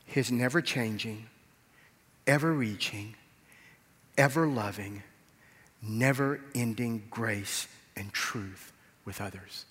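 A man's voice: fairly low pitch, takes it slowly, long pauses, slightly rough. Preaching man in an echoing hall. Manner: storytelling, acting out dialogue, rising to loud emphasis. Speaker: pastor. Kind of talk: sermon. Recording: reverberant hall.

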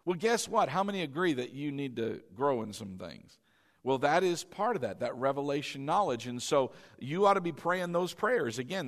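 A man with a high voice preaching a lively sermon. He keeps getting the congregation to say phrases back to him. His delivery is animated and conversational. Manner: animated, calls the congregation to repeat after him. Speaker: pastor.

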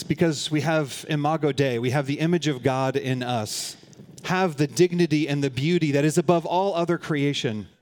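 A man's voice: on the high side, a little mellow. A man preaching a sermon to his congregation, earnest and conversational, often restarting phrases and adding light humorous asides. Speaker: pastor.

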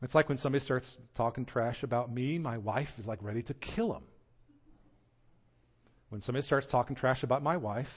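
A man's voice: mid-range voice, fairly quick, slightly rough, highs cut off. A man with a Southern American accent preaching a sermon as pastor, teaching in a conversational, self-deprecating way with rhetorical questions.

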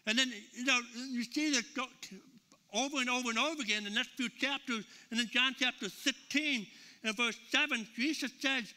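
High, very bright-voiced preaching man. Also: normal speed, big-room sound. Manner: conversational storytelling with many fillers and repeats. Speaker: pastor. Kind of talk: sermon. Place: church sanctuary with a live congregation.

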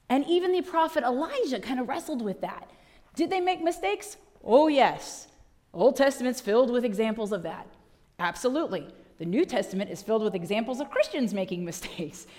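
Woman pastor, conversational sermon, wry asides, slightly high voice, echoing church hall. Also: sing-song, fairly quick, darkish tone. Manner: conversational preaching with rhetorical questions and asides. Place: church sanctuary. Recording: long reverb of a church hall.

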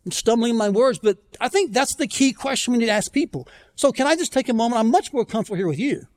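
A man preaching a conversational sermon as pastor, telling stories with self-deprecating humor and slowing down to plead earnestly. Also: very high voice, animated. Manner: conversational storytelling, self-deprecating, pleading slowly at key points. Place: church.

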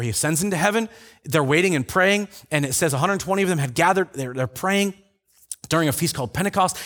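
A man's voice: sits high, a bit bright. A middle-aged male pastor preaching a sermon, retelling scripture stories with voices for each character. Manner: storytelling with acted-out voices for biblical figures.

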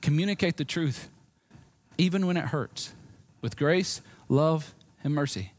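A man with a Southern US accent preaching a sermon as pastor, swinging between loud emphasis and quiet, low moments. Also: lively intonation, unhurried.

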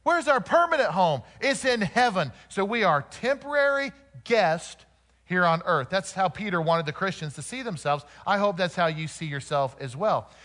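A man from Oklahoma with a high voice preaches a sermon. He slows down to read scripture and keeps turning to the congregation with rhetorical questions. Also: sing-song, a bit bright.

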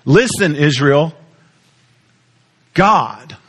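A man preaching a sermon, teaching with lively repetition and questions to the congregation. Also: on the high side, very slow. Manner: animated teaching, repeats words, asks the audience questions. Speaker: pastor.

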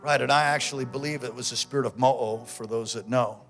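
A man preaching a sermon as pastor, with fervent call-and-response that swings between shouting and quiet storytelling. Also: mid-range voice, fairly even intonation, brisk, faint music behind.

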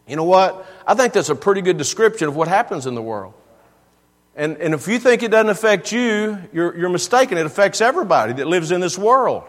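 High-voiced preacher in reverberant church. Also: male voice, very animated, fairly quick. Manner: earnest, repeats words for emphasis. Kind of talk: sermon.

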